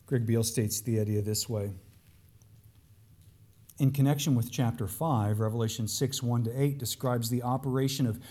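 A man preaching a sermon, earnest, dropping to hushed lines and then rising into raised, pleading emphasis. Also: mid-range voice, fairly even intonation, moderate pace.

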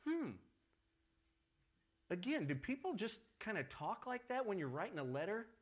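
A man teaching a Bible study lesson in a conversational, animated way, often correcting himself as he goes. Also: sits high, normal speed, breathy edge.

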